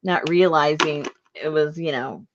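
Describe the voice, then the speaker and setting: A woman's voice: sits low, measured pace, highs cut off, noisy background. Chatty woman telling a laughing story. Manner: storytelling, laughs often, imitates voices in quotes. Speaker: craft video host. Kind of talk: casual chat.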